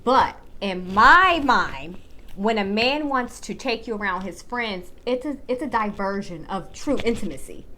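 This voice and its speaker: A woman's voice: on the high side, bright, forceful tone. A woman in her thirties giving casual dating advice straight to the viewer, blunt and full of swearing. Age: 30s.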